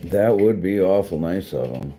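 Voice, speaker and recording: An adult man with a wife and kids, a vlogger and livestreamer, chats casually with his viewers, rambling, swearing and laughing often. His low voice is expressive and mellow at a normal speed, with slight background noise.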